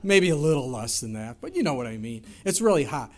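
A middle-aged man preaching a sermon, telling stories in an animated way and jumping his voice up for quoted lines. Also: medium pitch, brisk. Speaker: pastor.

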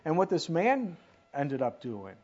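Animated preacher on a dull recording. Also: medium pitch, a little slow, breathy edge. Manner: animated, asks the listeners questions. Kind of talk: sermon.

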